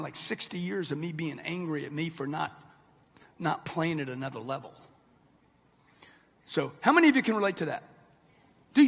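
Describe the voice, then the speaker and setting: With a high, gravelly, husky voice that's a bit bright, a motivational speaker in his sixties delivers a brash, punchy address. He speaks straight to a live crowd in a large event hall, recorded with long hall reverb.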